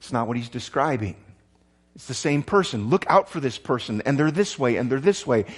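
A man's voice: mid-range voice, animated, fairly quick, breathy edge. A middle-aged pastor preaching a sermon, often restarting words and suddenly raising his voice for emphasis. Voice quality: repeats and restarts words, emphatic jumps in volume.

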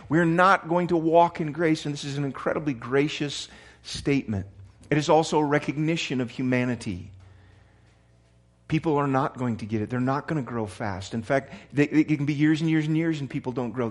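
Emphatic man preaching a sermon. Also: fairly high pitch. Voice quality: repeats and restarts words, emphatic jumps in volume. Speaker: pastor.

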